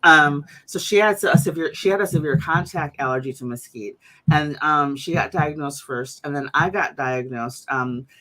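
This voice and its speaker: A woman's voice: sits low, a bit bright. A woman hosting a casual conversation, chatty, with many fillers and restarts. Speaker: host.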